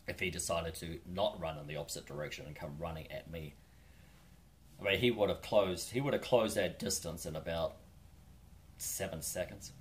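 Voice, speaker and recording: Low-voiced New Zealand hiker rambling. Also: male voice, a little hiss or hum. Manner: laid-back, rambling, wry. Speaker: hiker vlogger. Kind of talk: casual storytelling.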